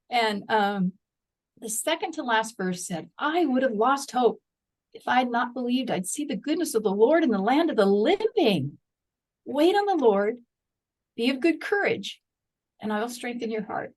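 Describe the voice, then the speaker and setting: A middle-aged woman speaks as a guest, sharing a heartfelt story of loss and faith. Her voice sits a little high, and she is earnest throughout. When she reads scripture aloud, she puts real feeling into it. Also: sing-song, normal speed, rough recording.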